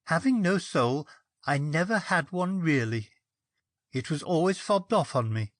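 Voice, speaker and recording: A man putting on a brisk, lightly mocking young woman. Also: fairly high pitch, lively intonation, no room sound, clean studio sound, voice pushed up. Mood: bemused. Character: bold, laughing young woman.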